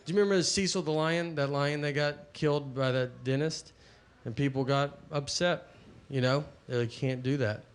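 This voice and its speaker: A man doing stand-up, telling meandering stories in a deadpan way. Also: on the high side, normal speed, slight background noise. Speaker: stand-up comedian. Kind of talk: stand-up routine.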